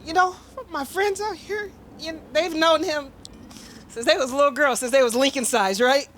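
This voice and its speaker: A woman's voice: high voice, moderate pace, fairly bright tone, a little hiss or hum. A woman speaking at her father's memorial, casual and heartfelt, chatting with the gathered crowd. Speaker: eulogy speaker, daughter of the deceased. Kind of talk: emotional memorial speech.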